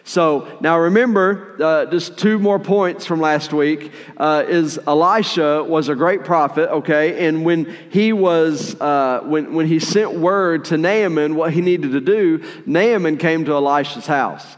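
Animated male pastor in a reverberant hall. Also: fairly high pitch, measured pace, hardly any pauses. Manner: conversational, animated retelling with playful asides. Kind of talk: sermon.

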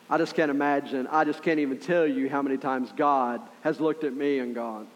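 A man preaching a sermon as pastor, telling the story in an animated way with acted-out voices and asides to the congregation. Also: medium pitch, a little fast, few pauses, long reverb tail, a little hiss or hum.

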